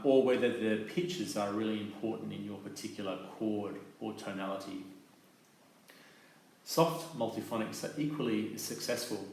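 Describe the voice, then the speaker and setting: A clarinet teacher with a fairly low voice delivers a calm, methodical instructional demonstration, pausing on soft fillers as he explains each point. The room is very echoey, with a faint hiss in the background.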